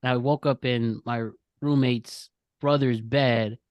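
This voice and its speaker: A man's voice: medium pitch, fairly even intonation, slow, a little mellow, dry recording, dull audio. Young man, podcast host, rambling and laughing, dry close sound. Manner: rambling, self-correcting storyteller who laughs often. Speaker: podcast host running a quiz game. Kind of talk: casual podcast chat.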